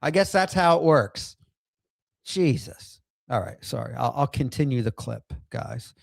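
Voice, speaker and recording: A middle-aged man in outpatient rehab livestreams himself reacting to a clip and reading chat, launching into a heated, profane rant punctuated by laughter. His mid-range voice is creaky and lively in intonation, unhurried, and recorded in studio quality without room sound.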